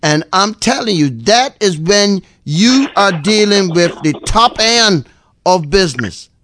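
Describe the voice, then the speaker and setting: A middle-aged man from Bermuda chatting casually on a radio call-in show, rambling and repeating words as he tells animated stories. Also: sits high, measured pace, a little hiss or hum.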